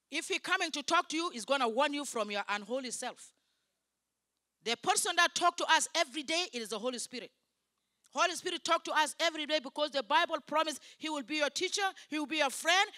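Emphatic high-voiced woman preaching. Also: pushed and bright, dry recording, clean studio sound. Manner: emphatic, in broken English. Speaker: guest preacher. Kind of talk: sermon.

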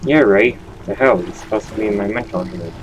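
Male let's-play host, deeper voice, loose joking commentary. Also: a little fast, slight background noise, low-quality recording. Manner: rambling, joking, swears at the game. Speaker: gaming channel host.

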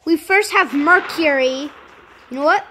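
A woman giving casual commentary over a space game, thinking aloud with lots of fillers and sudden excited outbursts. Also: high voice, unhurried, a little hiss or hum. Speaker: gameplay commentator.

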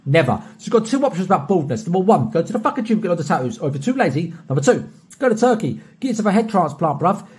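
A young British man recording a personalized video shoutout, boisterous and heavily profane, swinging from soft to loud. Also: sits high, sing-song, racing, slightly rough. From Britain. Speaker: streamer recording a paid shoutout.

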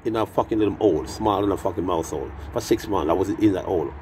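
A man's voice: low voice, fast talker, darkish tone, a little hiss or hum. A Jamaican man in his sixties, telling rambling, profane, boastful stories in a casual live-stream chat. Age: 60s.

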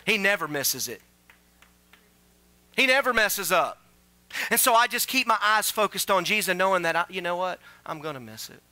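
A man preaching a sermon as pastor, asking the congregation questions and building to loud exclamations. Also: high voice, animated, moderate pace, pauses often, no echo. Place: church sanctuary.

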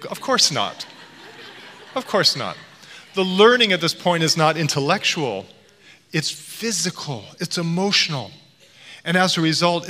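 A man's voice: on the high side, sharp tone. A middle-aged man giving a public lecture, telling stories with playful voice impressions. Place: lecture hall. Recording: long hall reverb.

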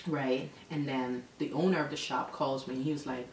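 A woman's voice: rumbling low, moderate pace. Exasperated woman vlogging in an echoey room. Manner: animated, exasperated storytelling. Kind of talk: casual storytelling vlog. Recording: echoey room, mic at a distance, faint background noise.

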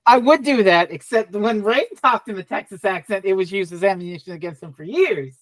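A woman's voice: medium pitch, a little fast, no echo. A woman hosting a casual podcast chat over a video call, introducing her guests with playful jokes. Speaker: podcast host.

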